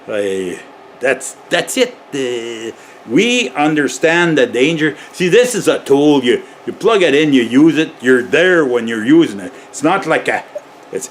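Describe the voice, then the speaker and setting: A man's voice: medium pitch, a little hiss or hum. Chuckling, rambling electrician man. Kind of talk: casual how-to vlog. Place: garage.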